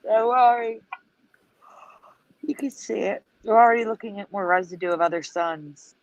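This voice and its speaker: A woman's voice: fairly high pitch, no echo. Woman co-hosting a lo-fi livestream. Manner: explains slowly, asks viewers questions. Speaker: co-host. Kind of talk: casual livestream chat. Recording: dull lo-fi stream audio.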